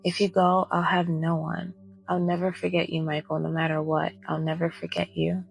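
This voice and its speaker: Lady doing a teary little girl begging softly, low gravelly voice. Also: level tone, moderate pace, soft background music. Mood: pleading. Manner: soft-spoken, pleading. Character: tearful nine-year-old girl, pleading.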